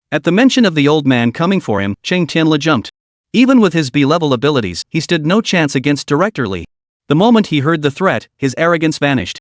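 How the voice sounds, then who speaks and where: A man reading a comic recap story as scripted narration, in a lively storytelling delivery. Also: on the high side, fairly quick, no echo, clean studio sound.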